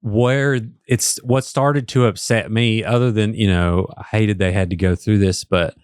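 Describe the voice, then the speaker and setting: A man's voice: on the low side, fairly even intonation, a little slow, clean tone. A man with an Appalachian accent co-hosting a casual podcast, chatty and full of fillers and emotional asides. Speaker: podcast co-host.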